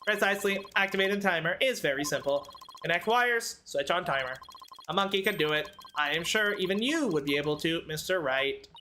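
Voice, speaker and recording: A woman voicing a male bomb disposal expert who talks in a flat, clipped, robot-like monotone. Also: lowish voice, a little fast, slight background noise. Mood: deadpan. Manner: clipped, terse, mechanical phrasing. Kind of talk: reading game dialogue aloud.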